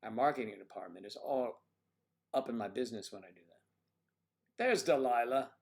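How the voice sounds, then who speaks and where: A man's voice: medium pitch, moderate pace, creaky. A man hosting a casual livestream, rambling and joking as he reacts to viewer comments. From United States. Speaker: livestream host.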